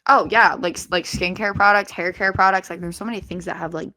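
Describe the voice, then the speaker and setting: A young woman co-hosting a podcast, talking in a relaxed way full of fillers. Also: on the low side, a little fast. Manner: laid-back, filler-heavy. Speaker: podcast co-host. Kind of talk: casual chat.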